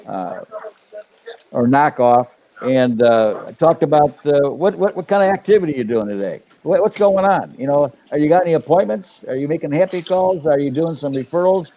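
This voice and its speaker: Older guy, mellow kinda high voice, rambles and loses his words, muffled stream sound. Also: lively intonation, moderate pace. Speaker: business coach, co-host. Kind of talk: casual live chat. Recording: dull lo-fi live stream audio.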